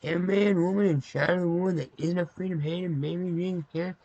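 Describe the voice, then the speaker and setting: Man putting on a loud preachy American patriot. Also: sits high, steady tone, quick pace, no echo, muffled recording, voice pushed up. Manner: over-the-top preacher-like drawl. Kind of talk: comedic voiced game character.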